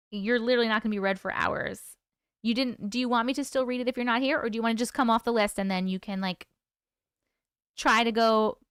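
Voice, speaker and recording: A woman's voice: on the high side, a bit bright, smooth, no room sound, studio quality. A woman hosting a casual livestream, reading out viewer comments and greeting people by name in a chatty, affectionate way. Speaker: livestream host.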